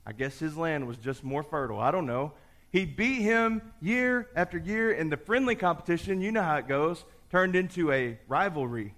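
A man preaching a sermon, telling a story with lively voices for the characters before turning to scripture. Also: a little high, normal speed. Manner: animated storyteller, acts out the characters. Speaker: pastor.

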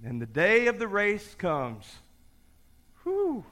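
A man preaching a sermon, telling a story with lively voices for the characters before turning to scripture. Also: fairly high pitch, moderate pace. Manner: animated storyteller, acts out the characters. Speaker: pastor.

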